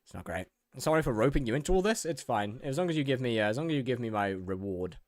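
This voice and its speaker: A man's voice: medium pitch, expressive, quick pace, no room sound, studio quality. A young man streaming a game, reading in-game text aloud, laughing often and reacting with mock outrage. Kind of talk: casual gaming commentary.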